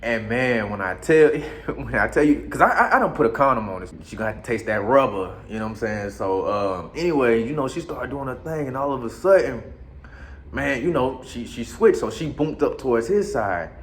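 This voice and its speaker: A man telling a crude, comic story in a casual, animated way. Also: medium pitch, moderate pace. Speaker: podcast host telling a story.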